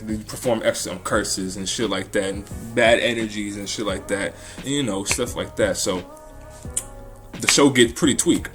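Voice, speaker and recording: A man hosting a casual talk about an anime, rambling in a slangy way with lots of restarts and swearing. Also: on the low side. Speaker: anime commentary host.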